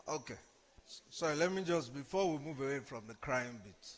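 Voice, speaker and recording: A man's voice: medium pitch, lively intonation, measured pace. A man speaking on a panel in a conversational way, repeating phrases as he shares a personal story. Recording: long hall reverb.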